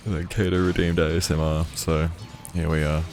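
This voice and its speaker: A man with a croaky voice giving casual, chatty gameplay commentary on a livestream, with jokey asides to viewers. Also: rumbling low, little pitch movement, brisk. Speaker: game streamer. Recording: game music under voice. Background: game music.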